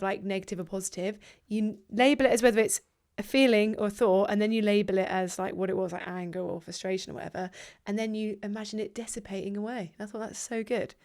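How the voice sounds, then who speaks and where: A woman hosting a podcast, chatting casually, jokey and quick to swear. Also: medium pitch. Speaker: podcast host, editor. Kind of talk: casual chat.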